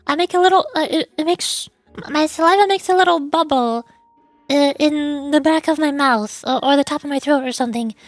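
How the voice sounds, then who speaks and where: A chatty young woman streamer who rambles and laughs at herself between lines. Her voice sits high. The sound is dry, with faint music underneath. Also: no echo. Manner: chatty, rambling, self-deprecating. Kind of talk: casual chat between voice acting.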